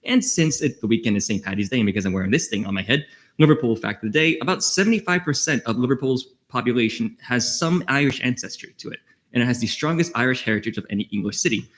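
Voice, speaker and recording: A young man rattles off a committee report at a quick clip, slipping in jokes and trivia. His tone is playful and chatty, and his voice sits at a middling pitch. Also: lively intonation, a bit bright. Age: young adult. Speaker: committee chair giving a report. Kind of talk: jokey committee report at a student meeting.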